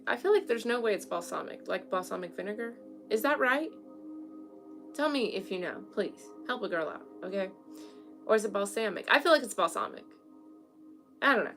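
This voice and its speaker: Reading tarot at home in front of an altar, a young woman keeps things chatty and frank, frequently checking in with an "okay?" Her voice is mid-range and slightly bright.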